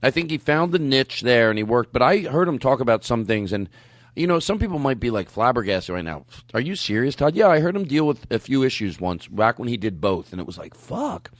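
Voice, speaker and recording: A man's voice: medium pitch, big pitch swings, brisk, no room sound. A man hosting a comedy podcast, chatting in a rambling, goofy, self-interrupting way. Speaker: podcast host. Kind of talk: casual comedic chat.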